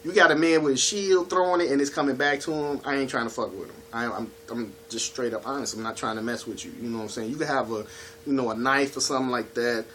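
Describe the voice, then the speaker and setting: A man's voice: medium pitch, fast talker, fairly bright tone, a little hiss or hum. A man casually talking through his movie collection in a laid-back, chatty way, often asking "you know what I'm saying.". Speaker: home video collection reviewer. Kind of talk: casual video review.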